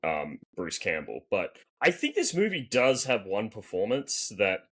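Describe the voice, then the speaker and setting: A man co-hosting a casual movie-review podcast, talking in an excitable way with plenty of fillers. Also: on the low side, measured pace, husky. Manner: animated, excitable, lots of fillers. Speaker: podcast co-host.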